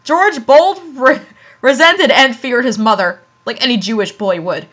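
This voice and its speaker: High, bright, giggly woman reading fan fiction. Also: moderate pace, highs cut off. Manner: giggly, laughs often, stumbles over words.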